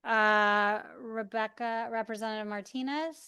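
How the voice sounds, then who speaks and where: A woman's voice: on the high side, steady tone, a little slow, pushed and bright, clear, resonant tone, no room sound. A woman chairing a legislative committee hearing, courteous and procedural.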